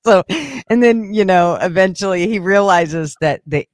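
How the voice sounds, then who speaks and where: A man's voice: sits high, slow, dry recording, clean studio sound. Laughing, rambling man in casual chat. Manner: rambling storyteller, swears freely, laughs often. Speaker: host.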